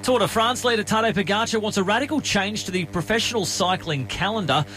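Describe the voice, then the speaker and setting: A man reading a scripted sports bulletin in a brisk, formal way. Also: high-pitched, bright, forceful tone, slight background noise. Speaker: sports newsreader.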